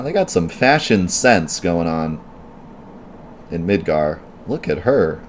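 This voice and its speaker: A man's voice: deep voice, sing-song, slow pace, slight background noise. A man streaming a video game live, chatty and rambling as he answers viewers' questions, with lots of "like" and "um". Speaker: let's play streamer. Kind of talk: live gameplay commentary.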